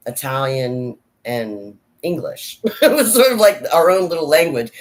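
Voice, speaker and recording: A woman vlogger talking casually and frankly, rambling between thoughts and often laughing at herself. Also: extremely low pitch. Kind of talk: casual personal chat.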